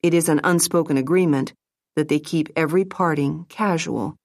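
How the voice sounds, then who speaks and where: Low-voiced woman narrating an audiobook. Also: moderate pace, a little mellow, no room sound, clean studio sound.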